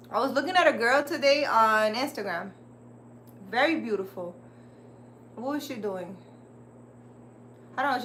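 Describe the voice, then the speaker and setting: A woman's voice: on the high side, fairly bright tone, slight background noise. A woman hosting a casual livestream, rambling and chatty as she talks straight to her viewers. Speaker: livestream host.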